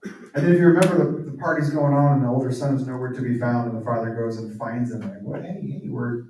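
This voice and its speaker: Male guest preacher, mellow, storytelling style, distant mic in a very echoey hall. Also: medium pitch, fairly even intonation, fast, slight background noise. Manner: conversational storytelling. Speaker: guest speaker and author. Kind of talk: sermon. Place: large church hall.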